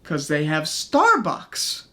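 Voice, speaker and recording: High-voiced man ranting on camera. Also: huge pitch swings, takes it slowly, sharp tone. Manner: profane, exasperated, keeps asking "okay?". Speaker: commentary YouTuber. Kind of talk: ranting commentary.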